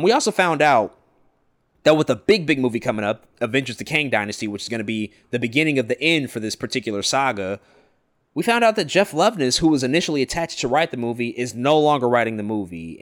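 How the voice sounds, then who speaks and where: A man's voice: medium pitch, a bit bright. A man co-hosting a pop culture podcast, talking through entertainment news in a casual, analytical way. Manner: brisk, analytical, rambling asides. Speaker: podcast co-host.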